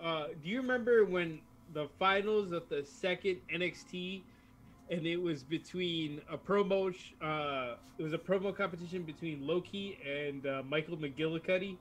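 A man's voice: fairly high pitch, moderate pace, slight background noise, rough recording. A man in a casual group chat, telling stories with energy.

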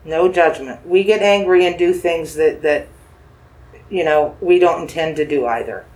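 Gently questioning a spirit with dowsing rods, a paranormal investigator coaxes and reassures, repeating phrases and asking slow yes-or-no questions at a medium pitch.

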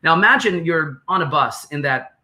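This is a man with a New York accent talking through business ideas on a podcast, lively and theatrical, echoing phrases and acting out quotes. His voice is a little high and his speed is normal.

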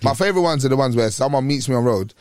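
A young man, guesting on a casual podcast, telling slangy, animated stories and acting out the people in them. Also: mid-range voice, rapid-fire, no room sound, clean studio sound. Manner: animated storyteller, slangy, acts out the people he describes. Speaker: guest, rapper and TV presenter.

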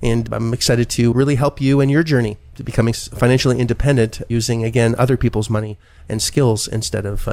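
A man's voice: mid-range voice, gravelly, darkish tone, no room sound. A man hosting a real estate podcast, upbeat and chatty. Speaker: podcast host. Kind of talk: casual chat.

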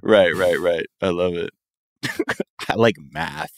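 Animated male podcast co-host riffing. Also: sits low, takes it slowly, gravelly, no room sound, studio quality. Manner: joking, riffing, swears casually. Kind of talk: casual podcast chat.

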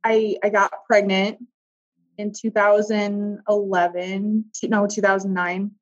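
A woman recounts a hard stretch of her life as a guest, stopping and restarting her sentences and letting some words fade into pauses. Her voice sits at a middling pitch. The recording is a little muffled and dull. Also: flat delivery. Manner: halting, with restarts and soft trailing pauses. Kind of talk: personal story in conversation.

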